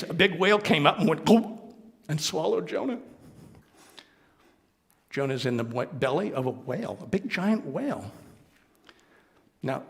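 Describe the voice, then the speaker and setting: Playful male minister, storytelling sermon, lively pitch, long hall reverb. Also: gravelly. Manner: animated and playful. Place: worship hall.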